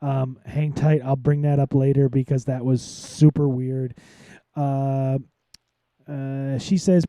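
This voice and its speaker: A man's voice: medium pitch, little pitch movement, takes it slowly, mellow, no echo. A man co-hosting a live podcast, talking casually with frequent restarts and fillers, sometimes exasperated, and tired. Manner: rambling, many restarts and fillers. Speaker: podcast co-host.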